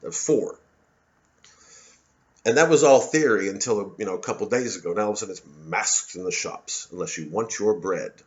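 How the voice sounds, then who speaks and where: A man's voice: fairly low pitch, moderate pace, darkish tone, muffled recording. A man giving an angry, profane ranting monologue as a vlogger, often repeating himself and restarting sentences. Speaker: political commentary vlogger.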